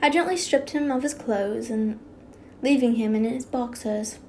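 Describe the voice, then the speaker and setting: A woman's voice: on the high side, moderate pace, darkish tone, slight background noise. A young woman with a slight lisp, reading fanfiction aloud with rambling, giggly asides and stumbling over words. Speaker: fanfiction reader.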